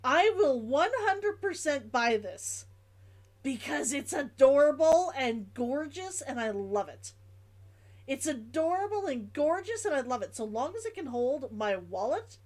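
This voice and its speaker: A woman streamer talks casually over her game, gushing and giggling and saying things twice. She speaks slowly, and her high voice leaps up and down. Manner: gushing, giggly, repeats herself. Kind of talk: casual live-stream chat.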